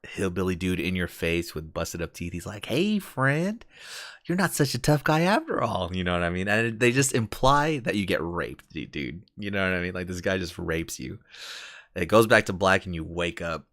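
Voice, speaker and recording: Brief: very low-pitched man, laid-back slangy host, dry close sound. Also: moderate pace, fairly bright tone, dry recording. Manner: laid-back, slangy, says "dude" a lot. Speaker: podcast host. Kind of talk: casual chat.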